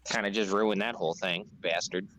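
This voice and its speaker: A man's voice: fairly low pitch, fairly even intonation, brisk, fairly bright tone, slight background noise, rough recording. A man narrating as game master in a tabletop game, talking casually and rambling with lots of fillers.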